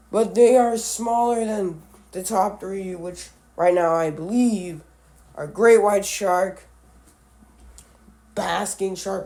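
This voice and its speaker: A man who is a little sick, talking casually through a book about animals, often halting and correcting himself as he goes. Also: high-pitched, mellow. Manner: halting, self-correcting, stumbles over names. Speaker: animal video creator. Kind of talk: casual book read-along commentary.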